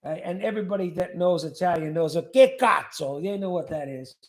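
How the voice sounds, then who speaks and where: A man's voice: high voice, fairly quick, roomy sound. A man hosting a casual livestream, reading viewer comments aloud and joking about them. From California. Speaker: livestream host reading chat.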